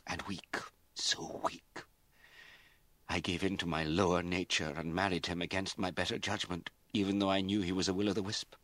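A man's voice: low voice, little pitch movement, a little fast, few pauses, a bit bright, no room sound. A man reading an audiobook, voicing a middle-aged aristocratic mother who scolds and wails and rises to fury. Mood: bitter. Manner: wailing, scolding, rising to fury.

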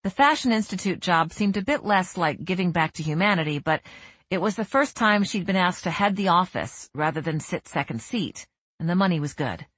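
Low, husky female audiobook narrator. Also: animated, brisk, fairly bright tone, dry recording. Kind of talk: scripted narration.

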